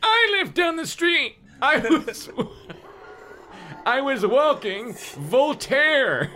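A man putting on a high, wavering old-man voice for a big stranger in a book he is reading aloud. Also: sing-song, extremely slow, sharp tone, slight background noise, exaggerated voice. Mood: eager. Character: tall older man with a high squeaky voice.

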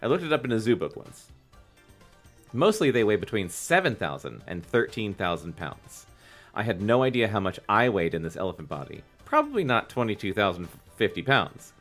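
A man's voice: fairly low pitch, huge pitch swings, a little fast, a bit bright, soft background music. A man co-hosting a casual podcast, chatting and reading a book aloud, enthusiastic and fond of swearing. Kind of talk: casual chat and read-aloud.

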